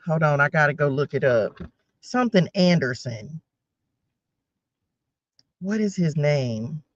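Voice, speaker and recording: A woman's voice: low voice, lively intonation, takes it slowly, no room sound, lo-fi sound. A woman in her forties giving a casual spiritual tarot reading, chatting straight to her viewers with rambling side notes. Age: 40s. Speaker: tarot reader.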